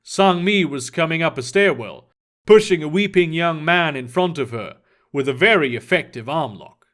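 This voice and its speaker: A man narrating a fantasy story in a steady, descriptive storytelling manner. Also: a little high, normal speed. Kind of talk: audiobook storytelling.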